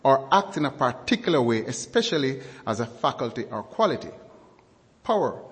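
A man preaching a sermon, speaking slowly and deliberately and repeating key words and definitions for emphasis. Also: mid-range voice, big-room sound.

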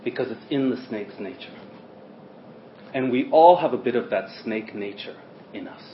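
A man preaching a sermon in a church hall, who swings between loud stresses and quiet asides. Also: mid-range voice, moderate pace, a little hiss or hum. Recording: roomy, dull lo-fi sermon recording.

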